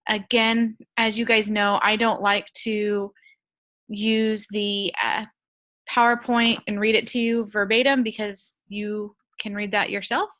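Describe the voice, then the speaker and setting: Bright-voiced woman giving a casual lecture. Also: medium pitch. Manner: casual, chatty asides with frequent fillers. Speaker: college instructor. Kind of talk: recorded lecture with shared screen.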